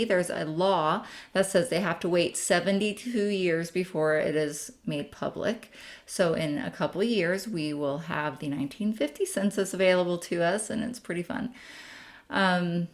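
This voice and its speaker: A woman's voice: fairly low pitch, a little slow. A young adult woman giving a chatty, friendly screen-share tutorial as a family history instructor, with frequent ums.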